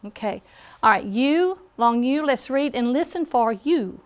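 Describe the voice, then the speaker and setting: Slightly high and lively in intonation, a Southern-accented woman leads a phonics lesson in a classroom. Her pace is slow and her manner patient, punctuated by frequent "okay?" checks.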